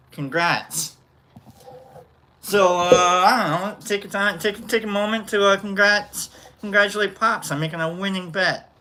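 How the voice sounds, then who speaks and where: Bright-voiced man telling rowdy stories. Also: sits high. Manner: animated, joking, acts out quoted voices with loud yells. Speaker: livestream host. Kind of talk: casual storytelling chat.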